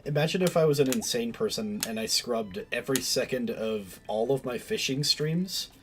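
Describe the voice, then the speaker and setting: A man's voice: medium pitch, moderate pace. A man streaming a game, chatting casually in a rambling way, often stopping and restarting his sentences. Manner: rambling, self-interrupting, many fillers. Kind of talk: casual stream chat while gaming.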